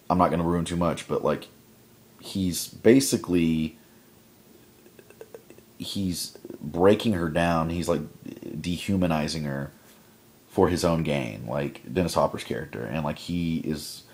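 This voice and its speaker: A man's voice: extremely low pitch, a little mellow. A young adult man casually vlogging a film review at home at night, rambling with constant fillers. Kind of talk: casual chat. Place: home at night before bed.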